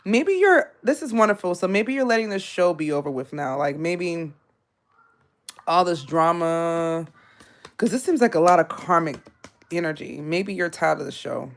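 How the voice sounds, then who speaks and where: Woman, 30s, blunt live tarot reader with a lower voice, rambling chat that jumps up in pitch. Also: moderate pace. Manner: blunt, animated, laughing asides.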